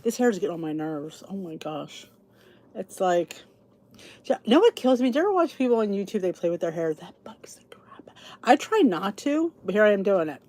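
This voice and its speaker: This podcast host, a middle-aged woman from the Philadelphia area with a Philly accent, has a warm, mid-range voice with big pitch swings and a brisk pace. She chats to her viewers in a rambling, casual way, often restarting and wandering into asides.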